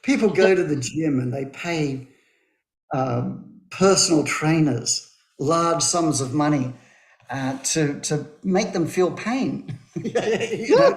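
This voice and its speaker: Man, radio chat, high lively voice, gravelly, roomy echo. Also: takes it slowly. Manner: animated, laughs often while telling anecdotes. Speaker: radio co-host.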